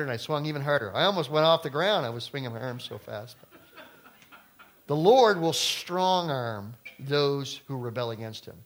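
A middle-aged man preaching a sermon as pastor, talking casually to the congregation and turning suddenly loud for emphasis. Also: medium pitch, brisk.

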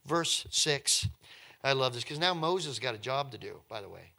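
A male preacher giving a sermon as animated storytelling, swinging from hushed to loud and often repeating words. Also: medium pitch, moderate pace, creaky.

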